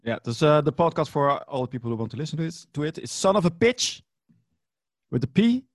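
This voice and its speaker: A man hosting a casual interview chat, loose and halting with many fillers. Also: fairly high pitch, very animated, dry recording, studio quality. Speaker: podcast host.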